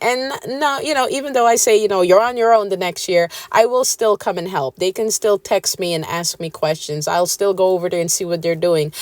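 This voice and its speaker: A woman's voice: lowish voice, dry recording. A woman with a Guyanese accent, chatting casually to camera about gardening, with many fillers and asides. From Suriname, raised Guyanese. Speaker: gardening vlogger.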